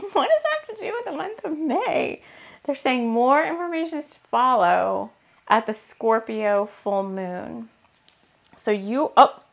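A woman giving a rambling, casual spiritual card reading, her throat a bit hoarse and scratchy, laughing often. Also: a little high. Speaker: tarot card reader.

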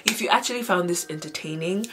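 A young woman with a Nigerian accent, telling a personal story casually to camera, animated and shifting between hushed and loud. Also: on the low side, quick pace, background noise. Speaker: vlogger.

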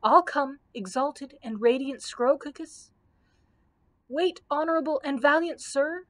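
Woman as a frightened loyal male servant, gulping, nervous, higher, louder, storybook. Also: a little slow, no room sound.

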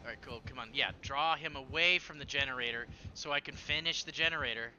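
A man streaming a horror game, chatting casually and rambling with many fillers and sudden excited bursts. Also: medium pitch, quick pace, dull audio, slight background noise. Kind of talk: casual gameplay chat.

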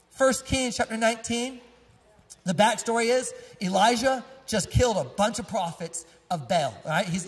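A man's voice: high voice, breathy edge. A male pastor preaching a sermon through casual, joking personal stories, often laughing as he tells them. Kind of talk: storytelling sermon. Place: church sanctuary. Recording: long echo of a church hall.

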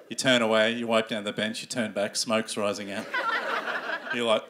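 A man hosting a stand-up comedy show, animated and swearing as he acts out characters. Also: medium pitch, normal speed. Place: comedy club stage before a live audience. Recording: live room with audience noise.

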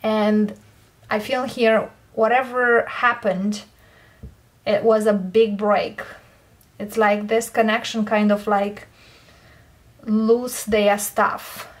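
Woman, tarot reader, slow and steady, keeps asking "okay?". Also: medium pitch. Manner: unhurried, checks in with "okay?" and repeats "I feel here". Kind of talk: tarot card reading.

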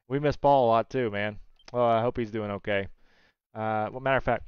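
His voice is mid-range, clear, and resonant, delivered at normal speed with long pauses as he hosts a laid-back gaming livestream. Chatty and warm, he reads viewer comments aloud and replies to regulars by name. The recording is dry and the highs are cut off.

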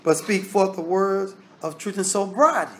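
A man's voice: sits high, moderate pace. A man teaching a Bible study. He reads scripture aloud and explains it in plain, casual talk. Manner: casual Southern American grammar.

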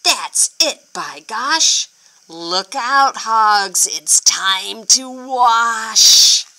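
A woman's voice: very high-pitched, very animated, takes it slowly, voice pushed up, full character voice. A woman doing a bellowing, fed-up old farmer. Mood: exasperated shouting. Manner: shouting, exasperated.

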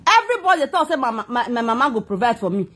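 A woman's voice: fairly high pitch, sing-song, fast, a bit bright, breathy edge. A Nigerian woman vlogging a heated, defensive, rambling rant to her viewers. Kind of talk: emotional personal rant to viewers.

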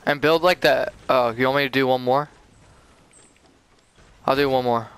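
A young man chatting casually with a teammate while playing, excitable and saying "dude" a lot. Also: medium pitch, moderate pace, clean tone. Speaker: gamer. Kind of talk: casual gameplay chat with a teammate.

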